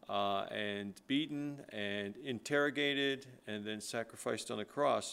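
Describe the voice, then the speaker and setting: Smooth-voiced man preaching a sermon. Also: mid-range voice. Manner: conversational, with frequent fillers, building to emphatic scripture reading. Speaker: pastor.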